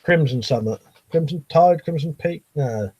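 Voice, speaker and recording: Middle-aged male streamer, loose rambling chat with casual swearing, fairly high voice. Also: normal speed, warm tone, slightly rough, lo-fi sound. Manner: rambling, swears casually, reads comments aloud.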